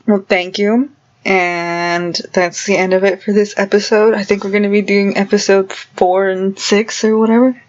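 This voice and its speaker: A woman's voice: mid-range voice, little pitch movement, moderate pace, lo-fi sound. A woman vlogger retelling a story in a casual, rambling way, full of fillers and giggles.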